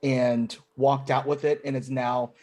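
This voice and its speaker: A man's voice: mid-range voice, little pitch movement, unhurried, a little mellow. A man playing a tabletop game, thinking aloud as he describes what his character does. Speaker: player.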